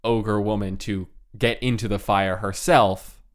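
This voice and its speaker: This podcast co-host has a fairly low, steady voice and takes his time. He's retelling a fairy tale in a relaxed, wryly funny way, sprinkling in filler words, in the style of casual comedic storytelling.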